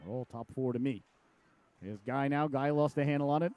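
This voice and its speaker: With a mid-range voice and a slightly fast delivery, a middle-aged man does live hockey commentary full of jokes, banter and personal tangents. His voice spikes sharply on shots and saves; the recording is dry, with the highs cut off.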